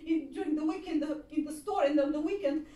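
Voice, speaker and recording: A woman's voice: sits high, fast talker, mellow. A woman with a Bulgarian accent performs an intense, dramatic solo stage monologue in a theatre. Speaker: stage actress. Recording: echoey stage from far off.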